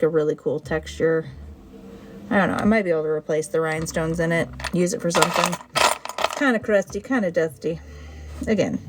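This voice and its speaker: A woman chatting casually on a livestream as she sorts her buttons, excitable and talking to them as she goes. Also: on the low side, background noise. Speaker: button seller sorting her finds on a livestream. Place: indoor room.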